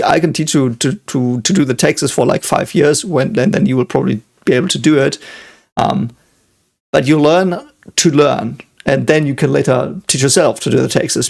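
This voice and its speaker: A man with a gravelly, creaky voice gives casual reaction commentary. He muses out loud in a reflective, analytical way. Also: medium pitch. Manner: reflective, thinking aloud, analytical. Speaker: physicist reacting to an anime episode.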